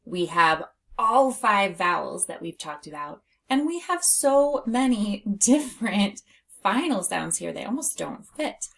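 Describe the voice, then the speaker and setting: A woman reading teacher leading a phonics lesson for young children, slowly and clearly sounding out letters and words. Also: medium pitch, sing-song, a bit bright. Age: adult.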